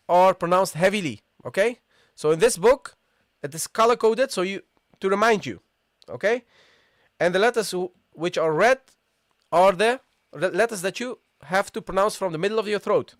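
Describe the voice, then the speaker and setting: A man teaching an online Arabic lesson live, repeating points and checking in with viewers after nearly every phrase, and sounding out letters slowly for them to copy. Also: high voice, no echo, studio quality. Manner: repetitive, checks in with "okay?" and "guys"; models pronunciations slowly.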